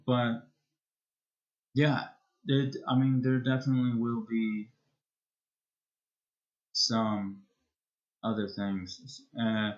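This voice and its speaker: A male streamer winds down a live stream in casual, rambling chat. He speaks at an unhurried, drawn-out pace and keeps circling back and restarting his sentences. His voice comes through a muffled, lo-fi recording. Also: mid-range voice, level tone. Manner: rambling and hesitant, with many restarts.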